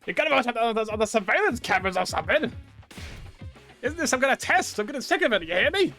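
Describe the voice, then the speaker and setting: A man voicing a hotheaded young male student who yells demands at the top of his voice. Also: very high voice, big pitch swings, fast, soft background music, pitched above the performer's own voice, full character voice. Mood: angry. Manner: shouting, rough and demanding.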